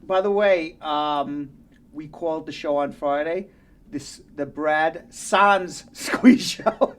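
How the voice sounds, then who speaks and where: A man co-hosting a call-in radio show, bantering playfully and then giving plain legal advice to callers. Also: fairly high pitch. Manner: playful, quick to laugh, then plainly explanatory. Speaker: immigration lawyer and radio co-host.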